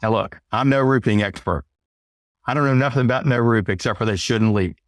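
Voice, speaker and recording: A man's voice: medium pitch, a little fast, no echo. Blunt, plain-talking sales trainer man. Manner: blunt, emphatic, mild cursing; conversational, often asks "right?". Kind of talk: casual storytelling monologue.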